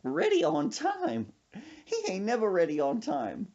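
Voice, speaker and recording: A man's voice: high voice, huge pitch swings, a little slow, vocal fry, darkish tone, voice pushed up, heavily acted. A man voicing an old grandmother who keeps laughing and begs him to stop, in a breathless, pleading way. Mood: teasing. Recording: dull lo-fi sound.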